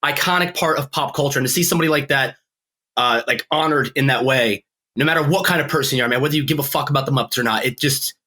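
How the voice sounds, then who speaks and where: A man's voice: mid-range voice, fast, bright, forceful tone. A man co-hosting a podcast in casual chat, swearing and laughing often as he talks. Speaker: podcast co-host.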